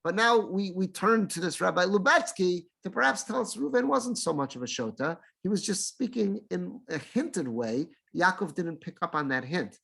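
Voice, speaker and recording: Rabbi explaining scripture, voices the verses. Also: male voice, high voice, lively intonation, moderate pace, vocal fry, few pauses, fairly bright tone. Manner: explains Hebrew verses in English, acting out speakers' lines. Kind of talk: Torah class.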